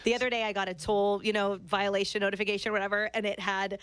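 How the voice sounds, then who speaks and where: A woman guest on a radio show, chatting casually and telling animated stories. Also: mid-range voice, fast, clear, resonant tone. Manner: animated storyteller, laughs easily. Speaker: guest, podcast host. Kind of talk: casual chat.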